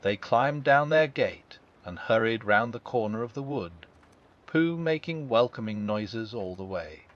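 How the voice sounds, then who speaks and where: A man reading a classic children's storybook aloud in a calm, unhurried bedtime style, barely changing his voice for the characters. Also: medium pitch. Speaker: audiobook narrator. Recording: dull lo-fi sound.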